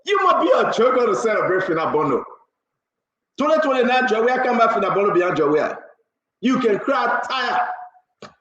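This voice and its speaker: Excitable man hosting a talk show. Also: high voice, moderate pace, long pauses. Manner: excitable, laughing, repeats words, mocking. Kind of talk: animated political talk show. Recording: roomy, dull lo-fi sound.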